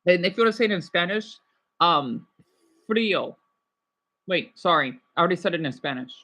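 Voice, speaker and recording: A woman's voice: on the low side, lively intonation, moderate pace, fairly bright tone. Rambling woman chatting with viewers. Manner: rambling, restarts and self-corrections. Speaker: livestream host. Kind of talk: casual chat with viewers.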